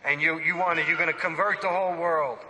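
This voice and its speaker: A man, a priest, preaching a sermon in an animated, emphatic way and putting direct questions to his listeners. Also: fairly high pitch, fast talker, background noise. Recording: long church reverb.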